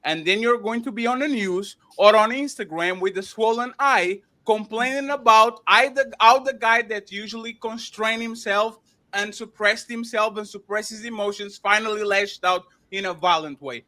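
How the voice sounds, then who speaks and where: A man with a strikingly high voice argues on a panel, pressing his point with repeated names and words. His tone is bright and pointed, and he cuts in over the others. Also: normal speed. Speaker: panel show host. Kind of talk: heated panel debate.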